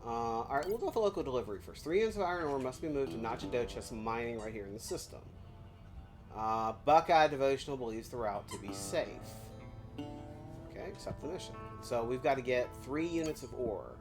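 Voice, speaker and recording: A woman's voice: extremely low pitch, animated, fairly quick, over music. A woman from Virginia streaming a video game, talking through it casually and joking at her own expense as she thinks aloud. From Virginia, USA. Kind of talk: casual gameplay commentary.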